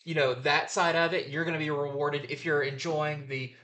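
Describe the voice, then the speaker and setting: A man's voice: fairly high pitch, level tone, normal speed, sharp tone. A man hosting a comic book review show, chatting casually and enthusiastically with lots of fillers.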